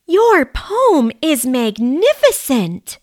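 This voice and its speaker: A woman's voice: sits high, very animated, drawn-out words, no echo, clean studio sound, voice pushed up, exaggerated voice. A woman voicing a small, friendly male mouse in a storybook reading for learners.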